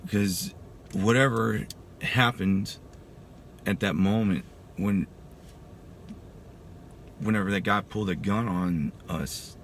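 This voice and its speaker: A man's voice: fairly low pitch, takes it slowly, pauses often, a little hiss or hum. A man in his thirties, a military veteran, telling his story in a casual, emphatic way and saying "dude" often. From Texas. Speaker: veteran giving a testimony. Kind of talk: personal storytelling.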